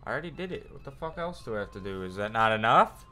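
A man's voice: fairly low pitch, very animated, fast, bright, forceful tone, slight background noise. A young man streaming a game live, ranting irritably with constant swearing. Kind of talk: live gameplay commentary. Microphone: desk mic with facecam.

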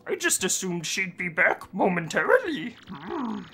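A man voicing a fussy old male toad steward with a put-on British accent, speaking slowly and humming between lines. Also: sits high, wildly swooping pitch, vocal fry, bright, forceful tone, voice pushed up, exaggerated voice. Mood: fretful. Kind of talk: casual game voice-over.

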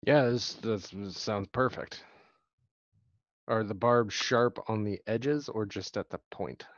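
Laughing, joking player, muffled audio. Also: male voice, fairly low pitch, slow pace, no room sound. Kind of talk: casual tabletop game chat.

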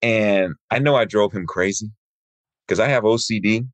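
Low-voiced man telling stories, dry sound. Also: normal speed, dry recording. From Michigan. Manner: lively storyteller who acts out quoted people. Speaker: martial arts instructor. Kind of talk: interview guest storytelling.

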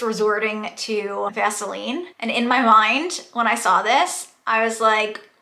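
A woman's voice: fairly high pitch, fairly even intonation, unhurried, few pauses, bright, forceful tone, reverberant. A young woman rambling candidly as she does her makeup in a casual get-ready-with-me chat. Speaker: beauty vlogger.

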